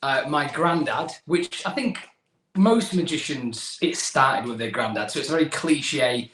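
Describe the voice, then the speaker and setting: A man's voice: mid-range voice, animated, a little slow, a bit bright, a little hiss or hum. A young man with an English accent chats about himself on a video call, rambling a little and laughing at his own stumbles. His voice sits in the middle of the male range. The room around him is noticeably echoey. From England. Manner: chatty, self-deprecating, rambling with restarts. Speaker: magician guest. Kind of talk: casual video-call interview.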